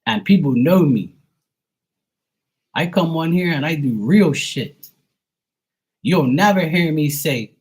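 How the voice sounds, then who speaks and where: A man's voice: fairly high pitch, sing-song, unhurried, long pauses, darkish tone, husky. A man working as a psychic medium, ranting bluntly and profanely in a rambling, casual livestream chat. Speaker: psychic medium and tarot reader.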